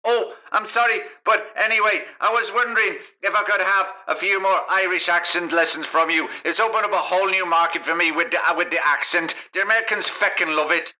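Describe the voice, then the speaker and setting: A man's voice: high voice, brisk, few pauses, pushed and bright. A man doing a comic impression of a boastful, crude young pop star phoning in as a guest. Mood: cheeky. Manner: crude, boastful, blurts rude remarks. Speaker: phone-in guest. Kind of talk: comedy sketch impression.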